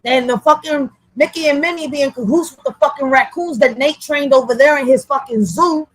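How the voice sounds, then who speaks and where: A high-pitched young woman rants on a livestream, animated, profane and heated. The recording is dry and close, with almost no room sound. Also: a little fast, no echo, low-quality recording. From Philadelphia. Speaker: vlogger. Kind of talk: livestream rant.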